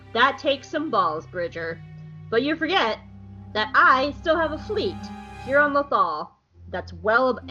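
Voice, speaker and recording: A woman's voice: medium pitch, pushed and bright, lo-fi sound. A woman voicing a cold, calculating male alien admiral in a podcast recap, talking in a smug, lecturing way.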